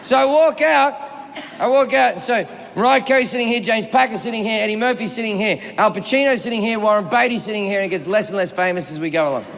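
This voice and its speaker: High-pitched gravelly aussie guy doing stand-up, swearing through a long story, big echoey venue with loud crowd noise. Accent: Australian. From Australia. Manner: profane, rambling anecdote with acted-out quotes. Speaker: stand-up comedian. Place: comedy stage before a live audience. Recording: reverberant live venue with loud ambience.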